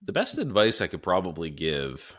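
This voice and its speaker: A man's voice: deep voice, huge pitch swings, normal speed, a bit bright. A man co-hosting a podcast in crude, laid-back banter with heavy swearing. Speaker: podcast co-host. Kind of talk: casual chat.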